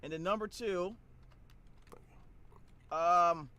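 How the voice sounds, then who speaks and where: A young man streaming a reaction with friends, exclaiming loudly and shouting in disbelief. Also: sits high, extremely slow, highs cut off. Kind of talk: excited reaction chat.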